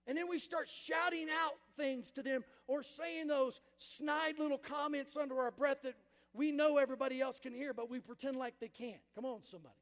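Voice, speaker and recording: High-voiced preacher in a reverberant hall. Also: male voice, fairly even intonation, moderate pace, fairly bright tone. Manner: emphatic preacher with call-and-response. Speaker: pastor. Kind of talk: sermon. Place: church sanctuary.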